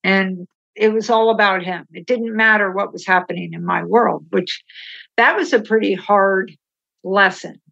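A middle-aged woman recounting her marriage with candid, animated storytelling, slipping into the voices of the people she quotes. Her voice sits at a middling pitch. The recording sounds a little dull and lo-fi. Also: unhurried, vocal fry. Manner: animated, acts out quoted dialogue, laughs while telling. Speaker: podcast guest.

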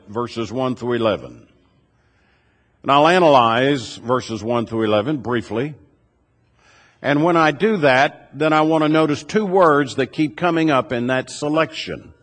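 A man preaches to his congregation at a middle pitch, laying out his points in a measured way and stacking up rhetorical questions one after another. His voice rings out with the long reverb of a church hall. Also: fairly bright tone. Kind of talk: sermon. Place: church sanctuary.

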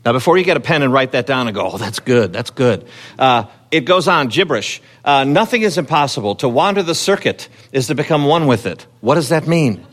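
This pastor's voice is on the high side, animated and a bit bright, and he speaks a little fast with few pauses. His sermon feels conversational, with frequent fillers, restarts, and questions to the congregation, rising in energy when he cites scripture.

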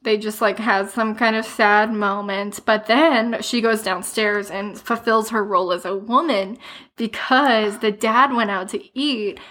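A woman's voice: mid-range voice, steady tone, unhurried, fairly bright tone. A woman in casual chat, recapping a book with a friend, laughing often and acting out the characters' lines. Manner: laughs often, acts out quotes.

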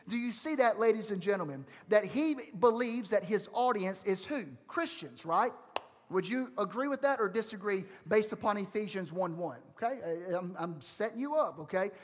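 A man around forty, a pastor preaching a sermon and quizzing the congregation with emphatic rhetorical questions. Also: high voice. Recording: long hall reverb.

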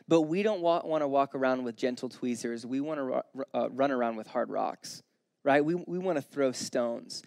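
A man's voice: medium pitch, moderate pace, gravelly, darkish tone, dry recording, clean studio sound. A young man preaching a sermon in a casual, conversational way, telling stories and briefly acting out the people in them. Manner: casual, storytelling, voices the people in his stories. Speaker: pastor.

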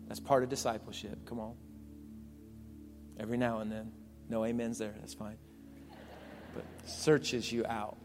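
A male pastor delivers a sermon at a middle pitch, hammering key phrases again and again and dropping from loud to soft. His voice rings with a long church-hall reverb. Soft music plays faintly beneath him. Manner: emphatic, repetitive preaching with sudden loud and soft swings.

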